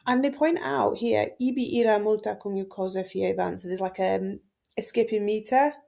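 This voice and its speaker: A woman's voice: mid-range voice, creaky, darkish tone. A young woman walks students through a text like a friendly tutor. She talks casually, with frequent ums, likes and offhand asides as she explains. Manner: chatty, many ums and likes, informal asides. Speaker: Latin teacher. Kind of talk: casual exam-focused lesson walkthrough.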